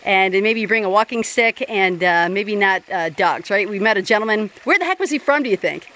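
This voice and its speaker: A woman's voice: medium pitch, animated, brisk, pushed and bright. A woman hosting a casual hiking vlog outdoors on a creek trail, chatty and upbeat with lots of fillers. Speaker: vlog host.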